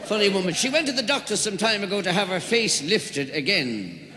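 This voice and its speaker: A man's voice: high-pitched, sing-song, moderate pace, noisy background. A man telling jokes in a live stand-up comedy routine, a jovial storyteller who leans into his punchlines. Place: large hall with audience. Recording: live hall with echo and long reverb.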